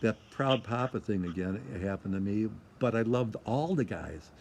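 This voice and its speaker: A man's voice: on the low side, animated, normal speed, darkish tone. Rambling older man telling stories. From Michigan. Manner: rambling, repeats himself, acts out quotes. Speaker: interview guest. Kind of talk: casual storytelling.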